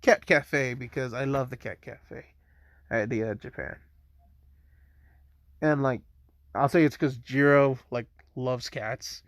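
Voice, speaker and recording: A man's voice: mid-range voice, takes it slowly, pauses often, no echo, clean studio sound. A young man casually retelling a made-up fan story, rambling with lots of filler words. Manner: rambling, heavy "like" and "type shit" fillers.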